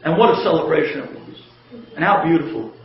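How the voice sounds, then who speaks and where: A man tells a humorous inspirational story, animated and chuckling as he goes. His voice sits fairly high. The recording is lo-fi and dull, with a heavy, roomy echo. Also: quick pace. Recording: very echoey, dull lo-fi audio.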